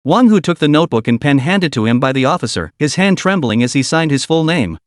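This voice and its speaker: Guy narrating a comic story, dramatic, pitch jumps around a lot, dry close sound. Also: big pitch swings, a little fast, no echo.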